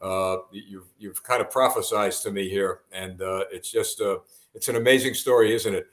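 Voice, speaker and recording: A man hosting a live broadcast, earnest and halting, with many fillers and restarts. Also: lowish voice, fairly even intonation, a bit bright, echoey room.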